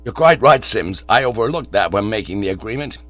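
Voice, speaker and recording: A man's voice: on the low side, expressive, brisk, dry recording, lightly acted. A man voicing a hearty, salesman-like American small-city businessman, on a dull recording with a mains hum.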